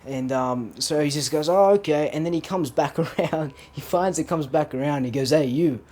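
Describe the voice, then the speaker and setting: A man's voice: fairly high pitch, normal speed, darkish tone. A young man co-hosting a podcast, telling stories in casual chat, laughing often and swearing freely. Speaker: podcast co-host.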